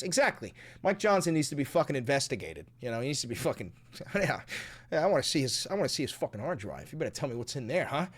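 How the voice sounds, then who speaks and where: A man giving casual, profane political commentary, swinging from sarcastic muttering to excited outbursts. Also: mid-range voice, fast.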